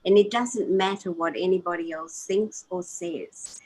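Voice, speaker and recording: A woman co-hosting a live show, talking gently and encouragingly, often restarting her sentences. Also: lowish voice, measured pace, a little hiss or hum, low-quality recording. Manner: gentle, encouraging, repeats words when starting. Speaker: co-host. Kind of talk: casual chat.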